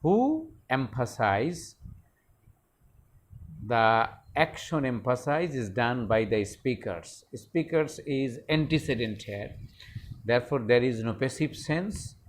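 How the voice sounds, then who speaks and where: A man teaching English grammar in a slow, explanatory lesson, often repeating words and phrases as he explains. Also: medium pitch, very animated, slight background noise.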